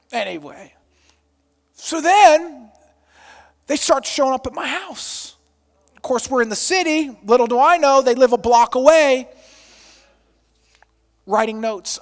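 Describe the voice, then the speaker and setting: A man in his thirties preaching a storytelling sermon as pastor, animated and self-deprecating, acting out quotes loudly. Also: very high-pitched.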